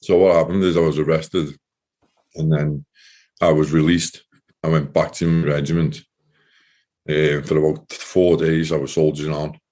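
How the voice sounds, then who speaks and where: Deep-voiced man giving earnest testimony. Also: level tone, mellow. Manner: earnest, halting retelling with repeated words. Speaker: guest, former soldier. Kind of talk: personal testimony in an interview.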